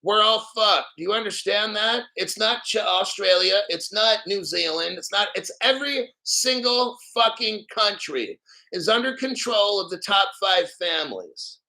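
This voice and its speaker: A middle-aged man hosts a crypto livestream in an angry rant, swearing freely and mocking viewers. His voice sits high for a man and rings bright and tense. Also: expressive, unhurried, vocal fry. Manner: profane, combative, mocking viewers. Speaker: crypto channel host.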